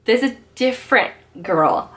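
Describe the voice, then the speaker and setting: A woman in her thirties telling a personal story in a casual vlog, animated and emphatic, with lots of fillers and some swearing. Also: a little high, unhurried. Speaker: vlogger.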